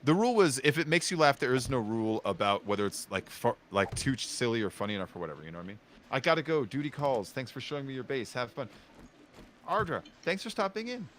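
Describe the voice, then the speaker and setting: A young man talks casually while streaming a game, telling stories in a jokey, animated way. His pitch jumps around a lot. Faint noise sits under his voice. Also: fast. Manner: animated, jokey storytelling with acted quotes. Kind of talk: casual gaming stream chat.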